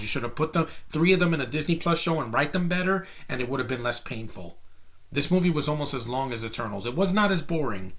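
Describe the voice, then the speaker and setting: A man's voice: medium pitch, fairly bright tone. Blunt, rambling man reviewing a movie. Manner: blunt, ranting, rambling opinions. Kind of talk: casual spoken film review.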